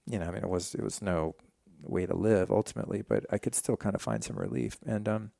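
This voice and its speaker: A man's voice: low voice, fast, gravelly, dry recording, studio quality. A man in his forties, a podcast guest, candidly telling a personal story in a casual, profane way. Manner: candid, profane, animated retelling.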